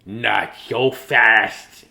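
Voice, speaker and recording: A man's voice: fairly low pitch, steady tone, vocal fry, pushed and bright, exaggerated voice. A man putting on a stern, menacing schoolteacher. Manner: slow, drawn-out, menacing. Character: stern, grumpy strict female schoolteacher.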